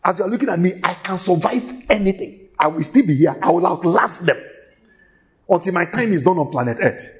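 A man preaching a sermon in a church, emphatic and shouting at times, repeating phrases rhythmically and laughing between lines. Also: high voice, animated, brisk. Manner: shouting, emphatic, with sudden exclamations.

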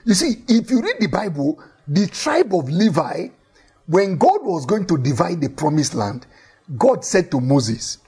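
A man's voice: high voice, very animated, unhurried, warm tone, husky. A man preaching a sermon in an emphatic way, repeating key phrases for effect and telling Bible stories with animation.

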